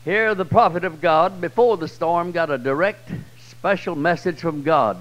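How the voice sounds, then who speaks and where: Southern preacher, rising and falling. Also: male voice, moderate pace, dull audio. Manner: swells loud and high then drops low and soft. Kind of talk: sermon. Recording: old 1990s church tape.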